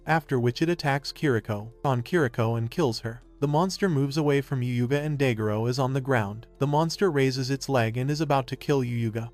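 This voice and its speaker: A man with a voice of ordinary middle pitch tells a story in a steady recap style. He reads every character's line in the same even narrating voice, and quiet music plays behind him.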